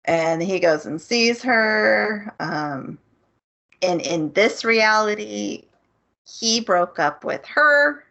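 A woman's voice: mid-range voice, extremely slow, gravelly. Woman recapping a plot, lo-fi audio. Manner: animated plot recap with acted-out quotes. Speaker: podcast co-host. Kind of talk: casual chat. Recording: muffled lo-fi audio.

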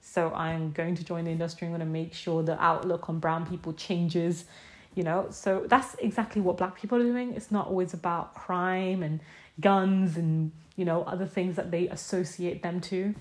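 A woman's voice: lowish voice, steady tone, moderate pace, a little mellow. A young woman talking alone on her podcast, impassioned and emphatic, firing off repeated rhetorical questions. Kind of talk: casual solo podcast monologue.

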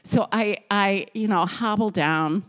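A middle-aged woman co-hosting a podcast from a home kitchen, telling stories casually with lively energy and frequent laughter. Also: mid-range voice, unhurried. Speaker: podcast co-host. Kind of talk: casual storytelling.

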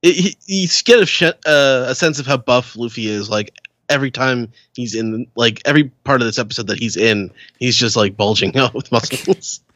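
A man on a podcast chimes in with quick comments and stumbling restarts, in a casual chatty tone. His voice sits at an average pitch, and the recording is dry, with no room sound. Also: a bit bright, dry recording. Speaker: podcast co-host. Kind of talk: casual chat.

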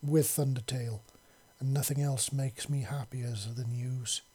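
A man voicing a huge, tender female beast-woman who speaks softly in broken grammar. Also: mid-range voice, steady tone, a little slow, husky. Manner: soft-spoken, broken grammar.

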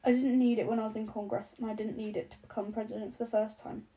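A woman reading an audiobook, voicing a sharp-tongued middle-aged woman president who talks in clipped bursts and swears. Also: a little high, little pitch movement, quick pace, muffled recording, close to an everyday voice. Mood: furious. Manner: shouting, clipped and cursing.

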